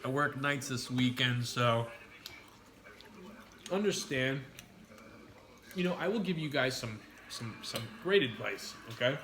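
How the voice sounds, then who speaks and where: A man's voice: medium pitch, lively intonation, a little slow, pauses often, a bit bright. A man chatting casually while eating on a home video, joking crudely and rambling through his advice. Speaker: mukbang vlogger. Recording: roomy with clear background noise.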